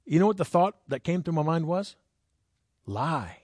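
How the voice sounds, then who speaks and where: Male preacher telling stories to a congregation, slightly high voice, dry close sound, chatty with the crowd. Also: sing-song, moderate pace, a little mellow, no echo. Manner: conversational, asks the crowd questions; jumps into high voices when acting out people. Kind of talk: sermon with personal stories.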